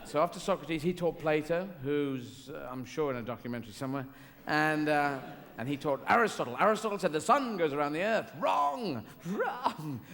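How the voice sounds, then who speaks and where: A man's voice: fairly high pitch, fairly quick, long reverb tail, crowd noise. A man doing a rambling, whimsical stand-up comedy routine on a theatre stage, now and then slipping into silly voices. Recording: live theatre recording with audience noise.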